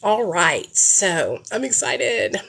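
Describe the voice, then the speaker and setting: A woman's voice: medium pitch, sing-song, slow, gravelly, a bit bright, slightly rough. A woman live-streaming, chatting casually and bluntly with plenty of swearing while she shops.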